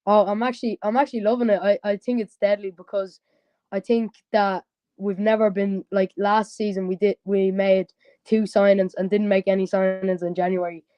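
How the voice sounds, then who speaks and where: A man's voice: sits high, clean tone, no room sound, highs cut off. A young man from Dublin with a Dublin Irish accent, calling a fan phone-in, easygoing and upbeat with lots of 'like'. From Dublin, Ireland. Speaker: caller. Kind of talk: casual phone-in chat.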